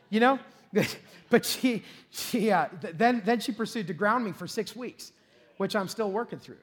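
A middle-aged man, preaching a sermon as pastor, telling a lively, self-deprecating story with frequent laughs and shouted peaks. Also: very high-pitched, normal speed.

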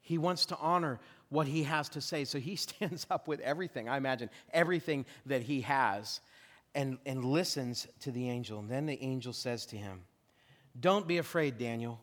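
A male pastor preaching a sermon, telling the story in a lively way with joking asides, in a church. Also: mid-range voice, moderate pace, big-room sound. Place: church sanctuary.

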